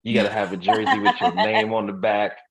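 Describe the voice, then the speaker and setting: A man's voice: on the low side, huge pitch swings, fairly quick, vocal fry, noisy background. A man co-hosting a podcast in casual chat, a laid-back, profane storyteller. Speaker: podcast co-host.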